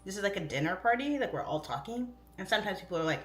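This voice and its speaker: A woman's voice: medium pitch, lively intonation, racing, hardly any pauses, roomy sound, a little hiss or hum. A woman in her thirties chatting casually on a livestream, reading comments aloud, goofy and easily distracted. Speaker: livestream host and real estate agent. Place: home.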